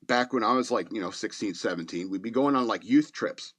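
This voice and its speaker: A man's voice: on the low side, fairly quick, a bit bright. A man in his fifties hosting a podcast, rambling through a casual story with chuckles and fillers. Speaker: podcast host.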